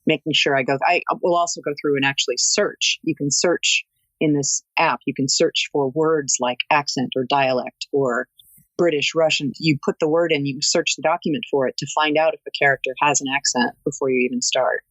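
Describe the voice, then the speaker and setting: A woman audiobook narrator talking as a guest in an interview, articulate and expressive like a storyteller. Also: sits low, brisk, dry recording, poor audio. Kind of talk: interview conversation.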